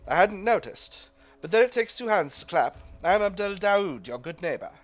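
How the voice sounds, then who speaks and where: A man's voice: fairly high pitch, huge pitch swings, rapid-fire, a bit bright, husky, soft background music, full character voice. A man voicing a nervous middle-aged male butcher with a faintly British put-on accent, hesitant and eager to please. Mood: friendly.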